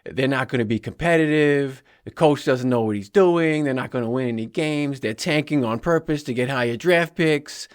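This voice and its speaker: A man putting on a loud Boston radio pundit. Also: mid-range voice, moderate pace, hardly any pauses, voice pushed up, lightly acted. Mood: gloomy ranting. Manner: exaggerated, loud and complaining. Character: grumbling male Boston sports radio pundit.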